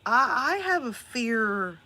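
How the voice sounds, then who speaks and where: A woman hosting a casual livestream chat from an outdoor porch at night, playful and quick to laugh. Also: fairly high pitch, big pitch swings, sharp tone. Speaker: host. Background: frogs and crickets.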